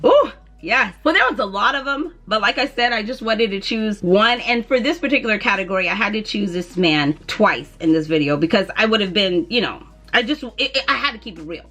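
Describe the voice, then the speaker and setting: A woman's voice: medium pitch, expressive, fairly quick, bright, forceful tone. A woman talking casually to camera as a fragrance vlogger, chatty and dramatic, with playful asides.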